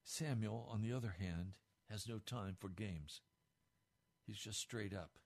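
A man's voice: lowish voice, measured pace, creaky. A man preaching a sermon as pastor, earnest and blunt.

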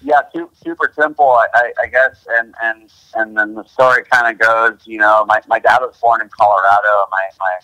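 Bright-voiced man rambling casually. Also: on the low side, fairly even intonation, normal speed, no room sound, rough recording. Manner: rambling, heavy on fillers and restarts. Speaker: podcast guest. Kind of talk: casual interview chat.

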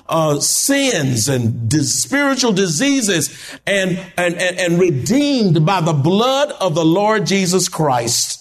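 Male pastor, high and very expressive voice, call-and-response sermon in a church. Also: slow pace. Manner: call-and-response preaching, rising to shouts.

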